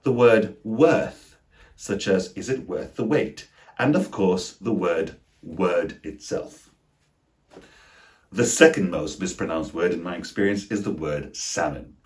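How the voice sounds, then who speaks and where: A man teaching English pronunciation in a scripted lesson, slowly and deliberately sounding out each example word. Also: low-pitched. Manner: slow, deliberate, over-articulated example words.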